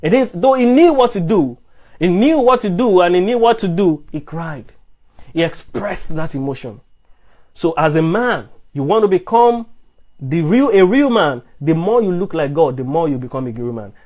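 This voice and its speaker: Answering comments in a live-streamed sermon, this man talks about love and manhood at normal speed in an expressive, high, slightly mellow voice. He leans on emphatic rhetorical questions and keeps restarting and repeating phrases.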